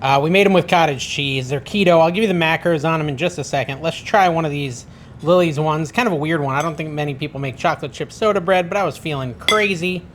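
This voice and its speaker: A man's voice: on the high side, quick pace, a bit bright, a little hiss or hum. A man hosting a casual home cooking vlog, chatting and thinking aloud in his kitchen with a self-deprecating manner. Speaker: cooking channel host.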